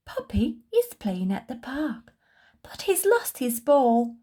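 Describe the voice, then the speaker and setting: A woman reading a children's picture book aloud in an animated, sing-song way. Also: on the high side, takes it slowly, slightly rough. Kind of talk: children's storybook read-aloud.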